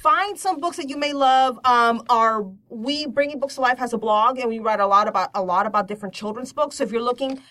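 A woman's voice: on the high side, brisk, hardly any pauses, bright, forceful tone. A woman from Puerto Rico giving a chatty, casual show-and-tell talk about children's books, with many fillers. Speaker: children's book presenter.

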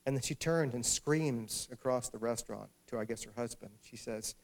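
A man's voice: mid-range voice, normal speed. A middle-aged man, an author, gives a humorous public talk and tells a wry, self-deprecating story. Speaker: author speaking at an event.

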